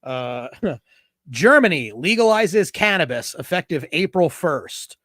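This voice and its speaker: Laughing middle-aged podcast comedian. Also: male voice, fairly high pitch, very animated, measured pace, a bit bright, no room sound, clean studio sound. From Philadelphia area. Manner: laughs at own jokes, reads joke setups. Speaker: podcast co-host. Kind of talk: casual comedy podcast chat.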